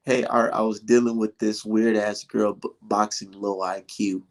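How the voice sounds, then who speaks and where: A man's voice: fairly low pitch, flat delivery, takes it slowly. Heated, swearing man ranting about boxing. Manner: heated, swearing, full of rhetorical questions; laughs between points. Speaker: boxing commentator and vlogger. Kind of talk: casual ranting commentary.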